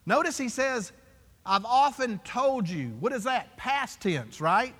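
A man's voice: very high-pitched, animated, takes it slowly, fairly bright tone. A man preaching a sermon as pastor, emphatic and full of rhetorical questions to his congregation. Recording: long hall reverb.

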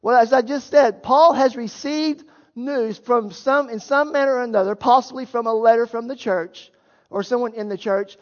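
A man's voice: very high-pitched, moderate pace, a little mellow. A male pastor preaching a sermon, explaining a Bible passage in an earnest, emphatic way and pressing his points with rhetorical questions. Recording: echoey hall, dull lo-fi sound.

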